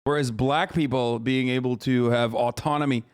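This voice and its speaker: A man's voice: mid-range voice, fairly even intonation, normal speed, smooth. A man in his thirties from the United States, reacting to a clip on a live stream in a loose, incredulous, mocking and profane way. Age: 30s. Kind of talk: casual live-stream commentary.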